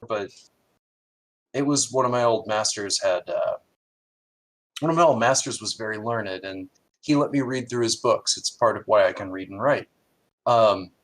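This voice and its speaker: A man's voice: on the low side, a bit bright, low-quality recording. A man voicing a sturdy, strong woman in a tabletop game, earnest and a little hesitant.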